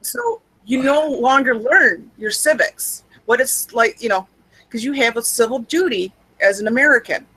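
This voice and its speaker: A woman's voice: fairly high pitch, expressive, normal speed, a bit bright, husky, no echo, low-quality recording. A young adult woman co-hosting a podcast, chatting casually in a rambling, wry, self-mocking way. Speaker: podcast co-host. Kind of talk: casual chat.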